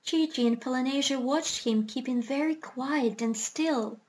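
High-voiced woman reading a storybook. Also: a little slow, darkish tone. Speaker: audiobook reader. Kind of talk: storybook narration.

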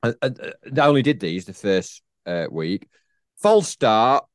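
A man's voice: medium pitch, animated, measured pace, no echo, studio quality. A man, co-hosting a podcast in casual, rambling chat and laughing often. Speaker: podcast co-host.

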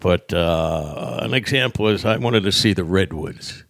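A man, a stand-up comedian guest on a podcast, telling road stories in a casual, lively way, acting out other people's lines as he goes. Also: low voice, measured pace, no echo, studio quality. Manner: lively raconteur who acts out others' lines and laughs at his own tales. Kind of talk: casual storytelling interview.

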